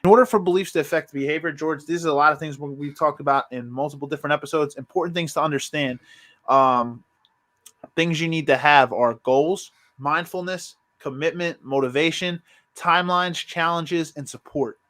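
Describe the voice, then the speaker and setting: A man's voice: on the high side, normal speed, a bit bright. A man with a slightly raised voice hosts a podcast. He sounds earnest and motivational, and he works through his points like items on a list. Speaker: podcast host. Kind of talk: casual podcast talk with wrap-up points.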